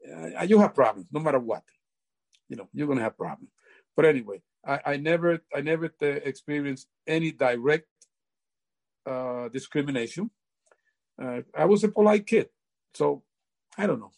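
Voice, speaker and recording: Older man, halting, repeats himself. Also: on the high side, creaky, darkish tone. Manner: halting, repeats words often. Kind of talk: casual storytelling.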